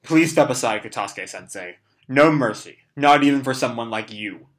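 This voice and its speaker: A cold, stern veteran ninja man speaks in a flat, matter-of-fact way, as a hoarse young man reads him aloud. The voice is bright and a little worn, like a comic panel read out loud rather than performed. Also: mid-range voice, moderate pace, natural voice.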